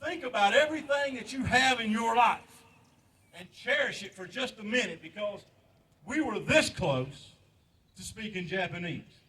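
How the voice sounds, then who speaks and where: A man's voice: sits high, expressive, normal speed, bright, forceful tone, far from the mic. Older man preaching outdoors. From United States. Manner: preachy, pleading, repeats lines for emphasis. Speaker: veteran speaker at a memorial ceremony. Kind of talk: impassioned patriotic speech. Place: outdoor memorial park.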